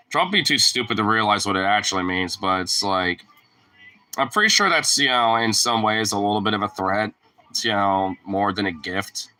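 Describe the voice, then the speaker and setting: A man with a low voice and a very bright, cutting edge to it. He chats casually as a streamer, wandering from thought to thought, stuffing his sentences with filler words and tossing in swear words freely. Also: lively intonation, moderate pace. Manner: rambling and profane, full of "like" fillers. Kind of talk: casual chat.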